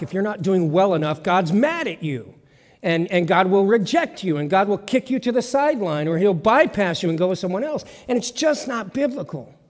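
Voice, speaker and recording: A man preaching a sermon as pastor, in an emphatic, conversational way with lots of repetition. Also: high voice. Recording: long church reverb.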